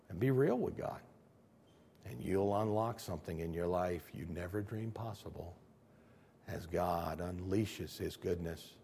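Male pastor, dramatic sermon delivery, animated pitch, repeats himself for emphasis. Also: creaky, slightly rough. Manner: swings from near-shouting to hushed, acts out prayers; repeats phrases for emphasis, stumbles and restarts.

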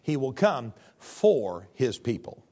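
A man preaching a sermon in a folksy, conversational way, swinging from loud exclamations to hushed tones. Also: medium pitch, very animated, slow pace. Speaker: pastor.

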